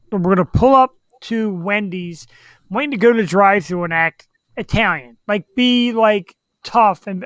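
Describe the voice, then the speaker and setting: A man with a high voice hosts a talk show, chatting casually and telling stories as he acts out tough-guy voices with animation. There's no room sound in the recording.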